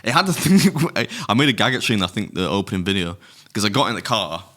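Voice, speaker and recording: Man, middle-aged podcast co-host. Rapid, rambling, sweary delivery with a very deep but bright voice. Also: very animated. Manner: rambling anecdotes, frequent swearing and laughter. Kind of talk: casual chat, storytelling.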